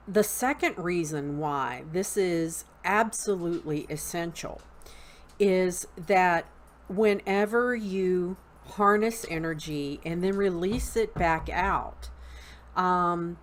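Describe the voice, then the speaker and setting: A woman with a Southern US accent, teaching an online class in an unhurried, halting way with frequent ums. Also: sits low, slight background noise. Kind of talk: unscripted spoken lesson.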